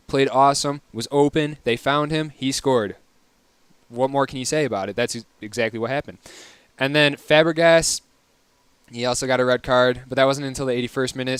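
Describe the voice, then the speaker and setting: A man's voice: medium pitch, smooth, no room sound. A young man hosting a casual solo soccer recap, chatty, wry and opinionated. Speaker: podcast host.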